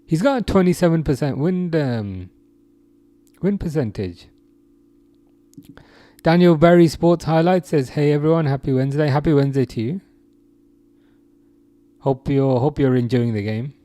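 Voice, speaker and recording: A man's voice: fairly high pitch, normal speed, long pauses, mellow, dry recording. A young man from England hosting a casual live chat, reading out viewer comments, laughing often and restarting his sentences. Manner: chatty, laughs often, many restarts and fillers. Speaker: live stream host.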